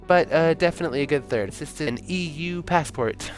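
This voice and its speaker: A man's voice: on the high side, a little fast, soft background music, pitched above the performer's own voice, lightly acted. A man voicing a blunt, sweary, sardonic pregnant young woman in a taxi, read from a story game. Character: feisty pregnant young English woman passenger.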